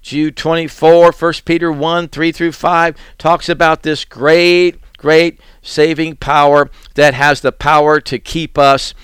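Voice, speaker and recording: A man delivers a sermon in a fairly high, smooth, resonant voice. He reads old-style scripture aloud and then drives it home with rhetorical questions. The sound is close and dry, with no room around it. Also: level tone, slow, hardly any pauses, a bit bright, dry recording. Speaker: preacher.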